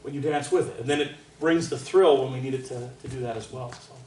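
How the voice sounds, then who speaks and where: A man, a trumpet soloist, teaching a master class in an animated, chatty way and laughing often. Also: mid-range voice, quick pace. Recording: roomy hall from far off, faint noise.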